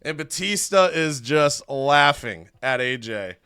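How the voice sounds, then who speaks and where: A young man narrating a wrestling management game as an animated storyteller. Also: on the high side, slow, smooth. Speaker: gaming youtuber. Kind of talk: let's-play storytelling narration.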